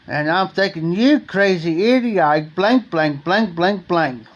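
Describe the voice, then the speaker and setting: Slightly high-voiced man from Ohio, rambling folksy late-night storyteller. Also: a bit bright. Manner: rambling storyteller, repeats and restarts phrases, folksy slang. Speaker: livestream host.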